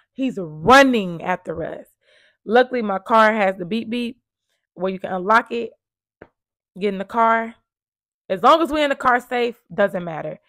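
A woman recounts her own survival story in an earnest, emphatic way, repeating her key points. Her voice has a gravelly fry and sits at a middle pitch. The recording is close and dry, with no room sound. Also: a bit bright, no echo. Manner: emphatic, repetitive, earnest retelling. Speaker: domestic violence survivor sharing her story. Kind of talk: emotional personal storytelling.

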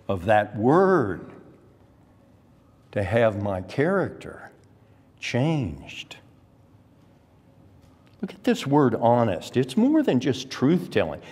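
A middle-aged man with a Texan accent, preaching a sermon in a church with slow, emphatic delivery. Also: mid-range voice, wildly swooping pitch, darkish tone, husky. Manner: emphatic, slow deliberate preaching with rising exclamations. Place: church sanctuary. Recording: long hall reverb.

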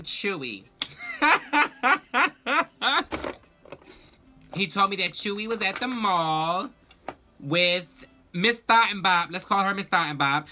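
A young man telling a storytime vlog in a sassy, profane, animated way. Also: sits high, takes it slowly, pauses often, slight background noise. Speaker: vlogger.

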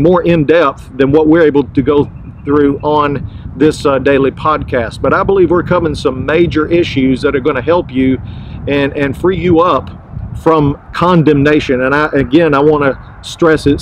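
A male pastor with a somewhat high voice gives an earnest podcast devotional. He leans on his key phrases and says them again for weight, in a steady teaching manner. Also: moderate pace, slight background noise, rough recording.

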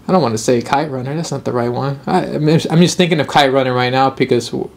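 A man's voice: mid-range voice, fast talker, vocal fry. A young man hosting his own video podcast, talking casually in a rambling, upbeat way and laughing easily. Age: young adult. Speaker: podcast host.

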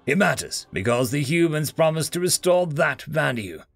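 A man's voice: fairly high pitch, very animated, normal speed, creaky, a bit bright, dry recording, soft background music, heavily acted. A man voicing a proud, scheming female alien podmother who talks in a haughty, hissing way. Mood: knowing.

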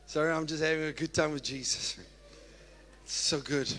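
Pastor guy preaching, kinda high voice, big echoey church hall, gets loud and whoops a lot. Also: fairly even intonation, normal speed. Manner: exuberant preaching, bursts of whoops and laughter. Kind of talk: sermon. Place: church sanctuary. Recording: long church-hall reverb.

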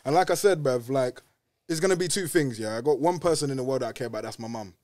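A young man from West London with a London accent, telling a story in casual podcast chat, quick and slangy, saying bruv at every turn. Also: mid-range voice, darkish tone, no echo, studio quality. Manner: fast and slangy, says bruv constantly. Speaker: podcast guest.

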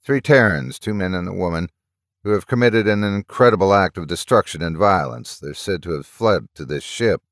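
A man's voice: low-pitched, moderate pace, a bit bright, dry recording, studio quality. A man voicing a stern, menacing male Martian officer who questions prisoners in a cold, commanding way.

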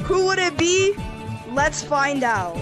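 High-pitched excitable woman host, bossy and repetitive, casual game commentary over music. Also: slow. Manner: bossy, excitable, repeats words. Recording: game music playing under voice.

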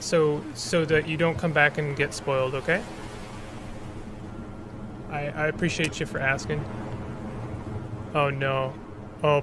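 A male streamer with a slightly high voice, talking casually through a game, often backtracking mid-sentence. A noticeable rumbling noise sits under his voice. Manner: chatty, rambling with restarts. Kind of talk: casual gameplay commentary.

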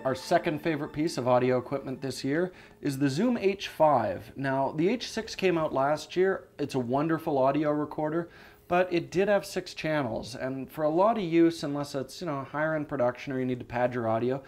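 Tipsy guy co-hosting a gear show, excited, kinda high voice. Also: a little fast. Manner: enthusiastic, tipsy from drinks. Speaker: co-host and editor. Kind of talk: casual product review banter.

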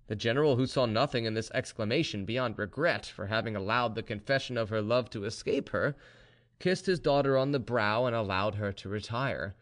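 A man reading an audiobook as narrator, expressive and giving each character a voice of his own. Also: mid-range voice, normal speed.

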